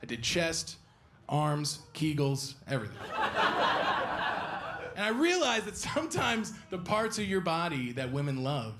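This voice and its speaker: A man's voice: on the high side, big pitch swings, unhurried, loud music behind the voice. A young man doing a stand-up set on a small club stage, with chatty, self-deprecating storytelling into a handheld mic. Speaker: stand-up comedian. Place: small comedy club stage, live audience. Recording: live club recording with audience noise.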